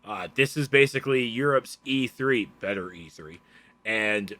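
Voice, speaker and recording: A man with a Southern American accent co-hosting a casual gaming news show in an animated, chatty way. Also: lowish voice, unhurried. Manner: animated, laughing, loose and chatty. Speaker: podcast co-host.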